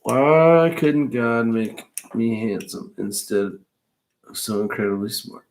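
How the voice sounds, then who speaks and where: A man's voice: mid-range voice, expressive, slow pace, a little mellow. A man co-hosting a casual podcast, joking and teasing his co-host. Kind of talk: casual chat.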